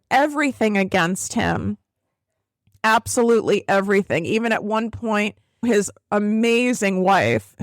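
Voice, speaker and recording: A woman podcast host and business coach giving a blunt, profane, tearful motivational monologue, her voice jumping high on emphatic words. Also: no echo, clean studio sound.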